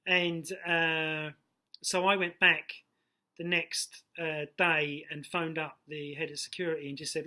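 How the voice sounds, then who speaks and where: A middle-aged man with a London accent rambles through doorman stories, swearing freely. His voice sits a little high and rings bright. He jumps from one tale to the next like he is chatting with a mate. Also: flat delivery, measured pace. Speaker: personal trainer, former doorman. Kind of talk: casual storytelling to camera.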